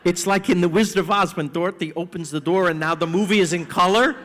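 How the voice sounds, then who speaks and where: A man's voice: high-pitched, fast talker, slight background noise. An older man telling family stories as a guest at a live stage interview, acting out voices as he goes. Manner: animated storyteller, acts out family voices. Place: stage in a large hall. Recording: reverberant hall.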